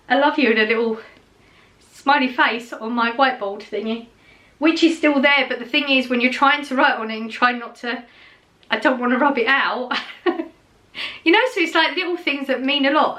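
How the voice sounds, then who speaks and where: A woman's voice: fairly high pitch, sharp tone. A middle-aged woman, chatting casually to camera in a rambling way, with many fillers and restarts. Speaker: vlogger.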